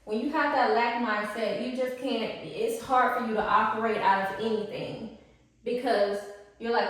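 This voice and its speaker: Animated woman coach in echoey room. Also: normal speed, distant mic. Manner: animated, slangy, acts out high-pitched quotes. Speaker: spiritual life coach. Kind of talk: casual teaching to camera.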